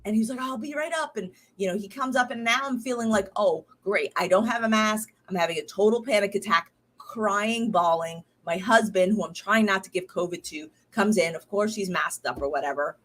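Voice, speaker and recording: A woman's voice: medium pitch, normal speed, a bit bright. Rambling tired woman. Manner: rambling, many fillers and restarts. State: recovering from illness, tired. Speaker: podcast host. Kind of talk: casual diary-style chat.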